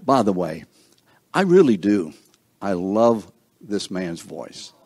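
A man's voice: sits low, very animated, takes it slowly, darkish tone, dry recording. An older man hosting a seniors breakfast, introducing guests one by one with playful teasing and stumbling over names. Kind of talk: introducing people in a room, joking.

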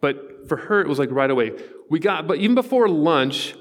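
Middle-aged male pastor, fairly high voice, conversational and earnest sermon delivery, long church-hall reverb. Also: sing-song, moderate pace. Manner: earnest, conversational storytelling with asides to the congregation. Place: church sanctuary.

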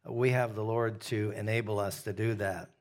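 A man leading a Bible study, teaching in a relaxed conversational way, often pausing with "uh" and putting questions to his listeners. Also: on the low side. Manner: asks the group questions, frequent "uh" fillers.

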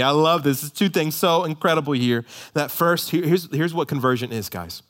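A man in his thirties, a pastor preaching a sermon, swinging from loud emphasis to hushed near-whispers. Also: fairly high pitch, lively intonation, normal speed.

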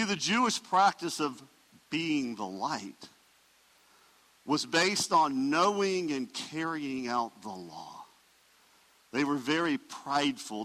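A male pastor delivers his sermon with emphatic swells and hushed drops. His voice sits a little high and sounds bright and forceful. A long reverb trails after his words, as in a large sanctuary.

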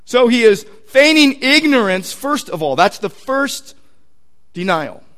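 Man in the pastor role, a high voice with a Southern Californian accent, lively and conversational in the pulpit, shouts out the quoted lines. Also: a little slow. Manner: animated, acts out quotes with sudden loud outbursts; conversational, repeats words while searching for them. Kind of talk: sermon.

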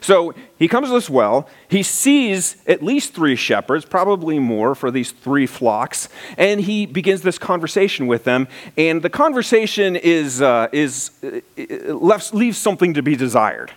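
A man's voice: a little high, very animated, a little slow. A male pastor preaching a sermon, telling the story with animation and reading scripture aloud.

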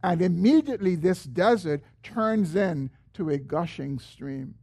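A man preaching a sermon as pastor. He is earnest, lifts his voice when he quotes a prayer, and drops low and slow at the end of phrases. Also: lively intonation, a little mellow, husky.

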